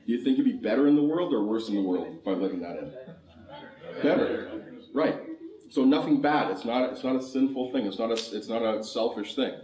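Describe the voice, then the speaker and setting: A man's voice: medium pitch, animated, a little fast, dark tone. A man from Canada leading a conference workshop, laughing often and asking the audience questions. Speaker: conference speaker. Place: conference hall. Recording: roomy hall, mic far off.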